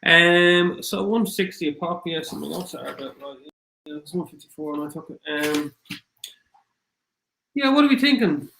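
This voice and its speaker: A man with an Irish accent hosting a casual livestream, rambling and apologetic, his voice getting rough after hours of talking. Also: a little high, lively intonation, normal speed, reverberant, background noise. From Ireland. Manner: rambling, apologetic, thinks aloud with many fillers. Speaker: crypto livestream host. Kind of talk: casual livestream chat, reading viewer comments.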